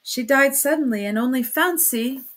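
A woman putting on a nervous older mother in a storybook reading, voice lifting higher than the narration, flustered and full of little exclamations, timid and worried as she talks. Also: moderate pace, a bit bright. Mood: anxious.

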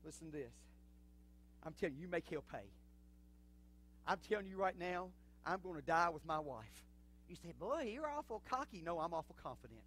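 A male pastor preaching a sermon in a church, swinging from low, quiet talk to fervent shouting. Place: church sanctuary.

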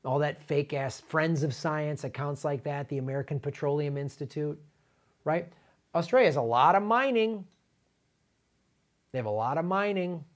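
Indignant high-voiced male commentator. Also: normal speed. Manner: animated, indignant, emphatic repetitions. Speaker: political commentary host. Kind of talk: impassioned political commentary.

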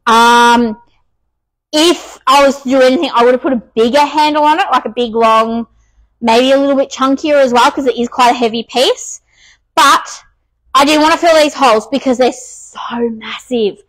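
Breathless chatty woman, high voice. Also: normal speed, fairly bright tone, rough recording. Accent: Australian. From Australia. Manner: chatty, self-talking with many ums. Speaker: furniture restorer hosting a live stream. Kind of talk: casual live-stream chat while working.

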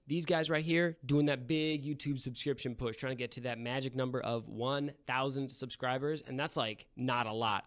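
A man doing a brash frat bro pitchman. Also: a bit bright, lightly acted. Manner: brash, rambling, calls everyone bro and man. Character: loud fraternity bro pitchman, young man. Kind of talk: comedic sponsor read in character.

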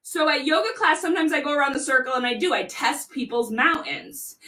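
A woman leads a children's yoga class in a bright, high voice. She swoops through a wide range in a playful, sing-song way. The sound comes from a mic set some way off in a home room. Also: expressive, brisk, distant mic. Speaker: kids' yoga teacher.

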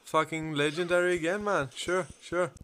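Excitable young man. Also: on the high side, moderate pace, a little hiss or hum. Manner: loud, excitable, swears a lot. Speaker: gaming YouTuber. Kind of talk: gaming commentary.

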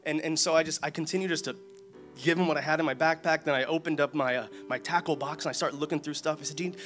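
Brief: young man, testimony to the congregation, quick and eager, faint music underneath. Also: a little high. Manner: fast, excited storytelling, rising to loud emotional praise. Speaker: church member giving a testimony.

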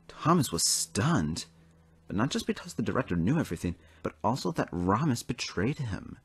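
A man narrating a toy train story in an animated storybook manner. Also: lowish voice, normal speed, husky, no room sound.

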